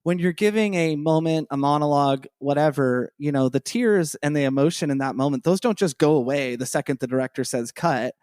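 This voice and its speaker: A man's voice: a little high, brisk, hardly any pauses, darkish tone, clean tone, no room sound, studio quality. A man co-hosting a podcast who talks in a rambling, enthusiastic way, full of "you know". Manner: rambling, enthusiastic, lots of fillers. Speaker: podcast co-host. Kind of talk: casual podcast chat.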